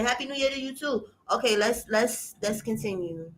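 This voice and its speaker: A woman's voice: a little high, animated, moderate pace, few pauses. A woman hosting a livestream, ranting bluntly to her viewers in casual, profane reaction commentary. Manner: indignant ranting. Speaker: livestream host.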